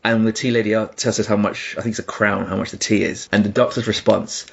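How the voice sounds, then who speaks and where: Gravelly husky man co-hosting a podcast. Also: fairly low pitch, fast, muffled recording. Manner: animated, emphatic, laughing asides. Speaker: podcast co-host. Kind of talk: casual discussion.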